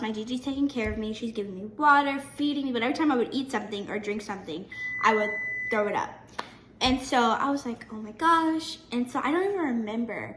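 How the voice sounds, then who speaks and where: A teenage girl telling a personal story to her camera in a chatty, animated way, often restarting her sentences. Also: fairly high pitch, roomy sound, a little hiss or hum. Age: teen. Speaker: vlogger.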